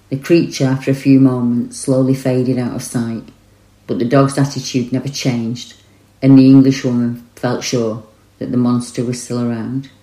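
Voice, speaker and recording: A woman narrating eyewitness reports in a calm, measured storytelling manner. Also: very deep voice, roomy sound, rough recording. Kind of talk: scripted narration.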